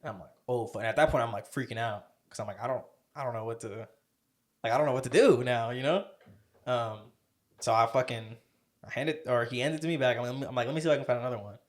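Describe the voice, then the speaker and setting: A man's voice: medium pitch, fast. A young man co-hosting a podcast, telling a story in a casual, profane, rambling way. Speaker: podcast co-host.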